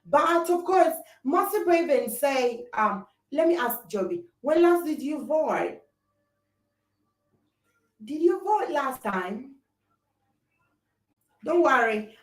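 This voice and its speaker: A young woman with a high voice hosts a livestream, pressing her points with emphatic, repeated phrases and answering viewer comments. She sits well back from the mic in an echoey room. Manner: emphatic, repetitive rhetorical phrasing. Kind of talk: impassioned opinion talk. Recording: roomy, distant mic.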